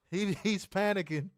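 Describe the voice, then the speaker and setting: Man, co-host, teasing slangy banter, slow delivery, dry sound. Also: sits high, no room sound. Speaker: podcast co-host. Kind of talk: casual chat.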